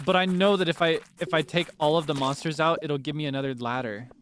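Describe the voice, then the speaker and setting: A man's voice: a little high, steady tone, quick pace, fairly bright tone, a little hiss or hum. A young man streaming a game, chatting casually and nervously, scolding monsters on screen and laughing at himself. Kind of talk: casual gameplay commentary. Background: game music.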